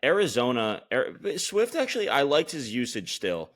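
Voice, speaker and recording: A man co-hosting a podcast, talking through fantasy football results in a relaxed, loose way with frequent restarts. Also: medium pitch, moderate pace. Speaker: podcast co-host. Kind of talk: casual fantasy football chat.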